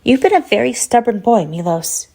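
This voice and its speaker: A woman voices a creepy female stalker who speaks in a high, childlike singsong, mocking and taunting like a child imitating you to irritate you. The tone has a gravelly, husky edge from the reader's own voice. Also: big pitch swings, moderate pace, mellow, exaggerated voice.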